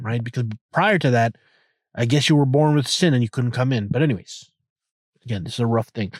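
A man's voice: mid-range voice, a little fast, dry recording, clean studio sound. Rambling joking man podcasting from a car. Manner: rambling, irreverent, joking, many restarts. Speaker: podcast host. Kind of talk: casual solo podcast monologue. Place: inside a car.

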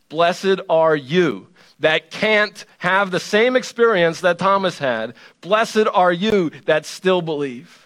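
A man's voice: a little high, expressive, unhurried, a bit bright. A man preaching a sermon in a conversational, playful way, driving points home with emphatic repetition. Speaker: pastor.

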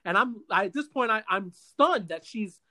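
A man hosting a podcast, telling a long story in a casual, animated way with many stammers and restarts. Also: high voice, moderate pace. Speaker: podcast host.

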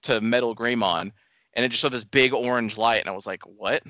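A man talks loosely with a bright, forceful voice, trailing off and restarting his thoughts. He co-hosts a casual podcast. The sound is dry and slightly dull. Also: mid-range voice, brisk, dry recording. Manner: rambling, hesitant, swears casually. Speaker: podcast co-host. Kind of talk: casual chat.

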